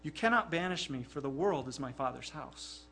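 A man voicing a calm, defiant archbishop who gives quiet, steady replies in a sermon story. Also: fairly high pitch, moderate pace, vocal fry, voice pushed down. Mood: calm defiance.

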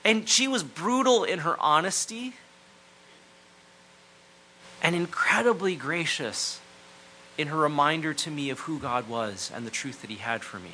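A man preaching a sermon, earnest and reflective, often dropping to a near hush to stress a point. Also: on the high side, expressive, measured pace, pauses often, a little hiss or hum, poor audio. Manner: earnest, reflective, drops to near-hushed phrases for emphasis.

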